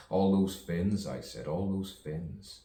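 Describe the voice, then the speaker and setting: Man with a very low voice, slow, playful rhyming ramble; distant mic in a roomy space. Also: warm tone. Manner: playful, rhyming wordplay, frequent chuckles. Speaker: poet. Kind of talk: rambling improvised monologue.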